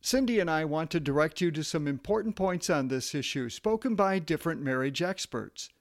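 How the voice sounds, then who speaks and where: Earnest man podcast host, higher voice. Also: lively intonation, a little fast. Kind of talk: scripted podcast reading.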